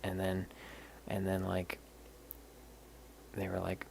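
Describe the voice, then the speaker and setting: A man with a low, heavily gravelly voice talks on a live stream. His chat is rambling, candid and laid-back, with the odd curse word, and a faint hiss sits behind him. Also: completely flat delivery, slow, darkish tone. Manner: rambling and candid, swears casually. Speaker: livestream host showing stones.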